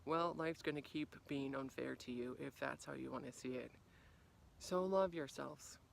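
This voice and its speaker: A woman life coach giving a motivational talk to camera outdoors in the cold. She acts out quoted reactions with big jumps in pitch and volume, then drops to a soft, quiet voice on reflective lines. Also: normal speed, creaky, a little hiss or hum.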